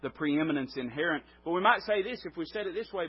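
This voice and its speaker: A man preaching with a fairly high, husky voice. He presses hard on his points, rising loud and then falling quiet. The recording is dull and lo-fi. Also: expressive, fast. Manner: emphatic, swelling and dropping in volume. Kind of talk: sermon.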